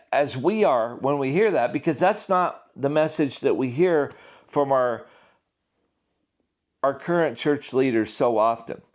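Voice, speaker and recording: A man, an author, speaking casually and emphatically in an unscripted monologue. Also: a little high. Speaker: author and prophecy commentator.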